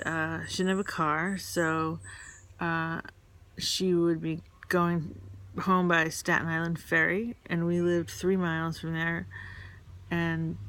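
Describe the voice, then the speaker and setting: A woman from New York telling rambling, candid personal stories, halting with fillers and restarts. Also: lowish voice, fairly bright tone. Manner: candid, confessional. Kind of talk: casual personal storytelling.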